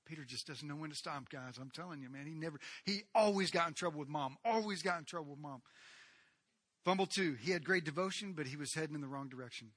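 A man preaching a sermon in a lively, storytelling way, acting out the people in the story. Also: fairly high pitch, fast, no room sound. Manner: animated, acts out the people in the story. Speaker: pastor.

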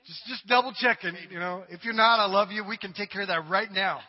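A male pastor preaching a sermon to his congregation, dramatic and humorous, swinging from loud cries to quiet asides. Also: sits high, fairly quick. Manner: humorous, addresses the congregation directly. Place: church sanctuary. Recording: dull recording with long hall reverb.

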